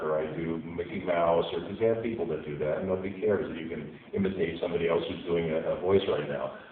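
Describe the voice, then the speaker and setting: A man's voice: sits low, phone-quality sound, a little hiss or hum. A man speaking as a voice actor on a panel, giving blunt, practical advice. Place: convention panel room. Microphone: audience member's cell phone. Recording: echoey hall on a phone from far off.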